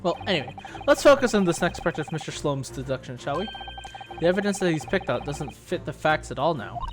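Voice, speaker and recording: Guy doing an earnest young lawyer, voice swings up and down a lot, soft music behind. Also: a little high, sing-song, fairly quick. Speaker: streamer. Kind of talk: fan voice-over of a game.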